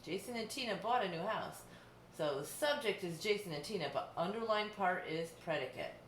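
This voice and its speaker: A woman's voice: fairly low pitch, lively intonation, normal speed. Woman teacher explaining a lesson patiently. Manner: patient, explaining step by step with examples. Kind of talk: distance-learning lesson. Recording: echoey room, faint background hum.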